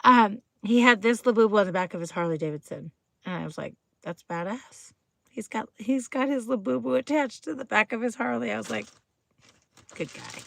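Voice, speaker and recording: With a fairly high, gravelly voice and a quick pace, a woman hosts a casual live stream, greeting viewers and chatting bubbly, peppered with "like." The recording is dry.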